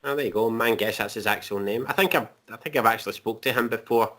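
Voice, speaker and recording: A man talks casually on a livestream in a bright, forceful voice. He jokes, swears freely and often restarts his sentences. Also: lowish voice, fast talker. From Britain. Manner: jokey, swears, repeats words. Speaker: co-host.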